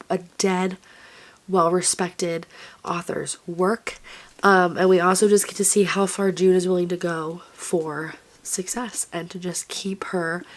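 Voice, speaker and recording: A woman in her twenties chatting casually as a book vlogger, rambling with lots of fillers. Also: mid-range voice. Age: 20s. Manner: chatty and rambling, full of "like" and "literally". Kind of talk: casual vlog chat.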